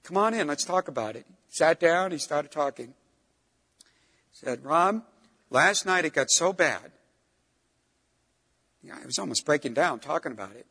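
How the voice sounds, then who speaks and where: A middle-aged man delivers a sermon in a high, bright, husky voice that rings through a large, echoing hall. Animated and moderately paced with long pauses, he pushes hard on stressed words, then drops low and soft for asides.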